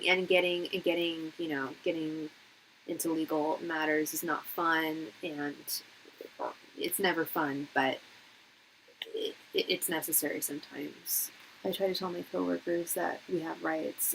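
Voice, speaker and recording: Late-30s woman venting to her stream, animated and emphatic, lots of like and restarts, sharp tone. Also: on the low side, a little hiss or hum, low-quality recording. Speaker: tarot reader and psychic hosting a live reading. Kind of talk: casual live-stream chat and advice.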